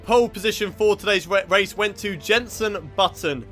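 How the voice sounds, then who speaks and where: A man's voice: high-pitched, moderate pace, faint music behind. Sweary British man commentating a racing game. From Britain. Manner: frustrated, sweary, shouts at rival drivers. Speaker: gaming YouTuber.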